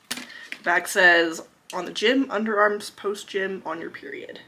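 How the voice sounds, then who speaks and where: A woman's voice: medium pitch, a little hiss or hum, low-quality recording. A young woman chatting casually in a vlog, out of breath, rambling with lots of likes and restarts. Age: young adult. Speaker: vlogger.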